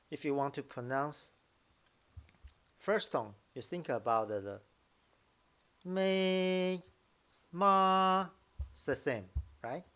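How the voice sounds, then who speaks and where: A man teaching Mandarin tones in a casual lesson, explaining slowly and repeating example syllables. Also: mid-range voice, fairly bright tone. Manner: slow, repetitive explaining, drawing out example syllables. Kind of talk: casual language lesson commentary.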